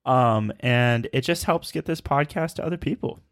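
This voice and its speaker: A man's voice: medium pitch, moderate pace, no echo, clean studio sound. A man co-hosting a podcast, talking in an easygoing, supportive way. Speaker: podcast co-host. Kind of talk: casual podcast chat.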